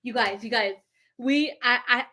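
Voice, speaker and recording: A woman's voice: a little high, moderate pace, pushed and bright. A woman vlogger chatting casually and rambling, with lots of fillers. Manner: gushing, filler-heavy, rambling. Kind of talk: casual chat.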